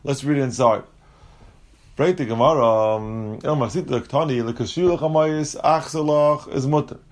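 A man teaching a Talmud lesson, explaining step by step and mixing English with Aramaic and Hebrew terms. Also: normal speed. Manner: animated, jumps in pitch when acting out quotes.

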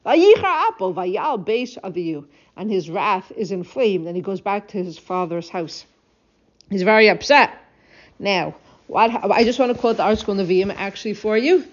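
A woman teaching a text study lesson, reading verses, translating them and retelling the story with expressive asides to her listeners. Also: mid-range voice, normal speed. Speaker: Bible teacher. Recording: dull lo-fi audio.

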